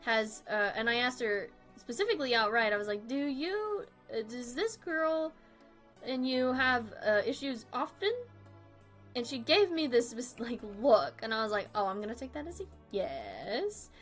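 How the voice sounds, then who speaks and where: Young woman, a touch high-pitched, rambling casual streamer talk over soft music. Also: animated, normal speed. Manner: rambling and self-deprecating, with frequent laughs. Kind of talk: casual chat while drawing on stream.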